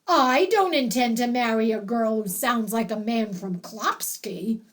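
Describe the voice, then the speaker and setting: A woman voicing a mean, rich old man, gruff and loud. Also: on the high side, unhurried, lightly acted. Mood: angry.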